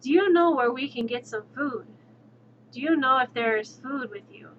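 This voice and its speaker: A woman's voice: sits high, animated, moderate pace, dull audio, a little hiss or hum. A woman voicing a hungry, pushy male coyote in a folk tale, eager and pleading.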